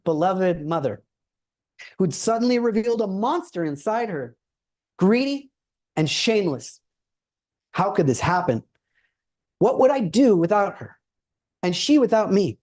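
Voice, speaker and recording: Russian woman, native Russian speaker, author reading her book, measured delivery. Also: mid-range voice, darkish tone. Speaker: author and journalist. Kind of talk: reading her memoir aloud.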